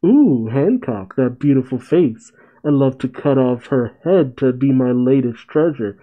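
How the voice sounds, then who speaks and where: A man's voice: medium pitch, expressive, a little slow, phone-quality sound, lightly acted. A man doing a gloating female pirate. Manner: gloating, with cooing laughs. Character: greedy, gloating female pirate who covets beauty.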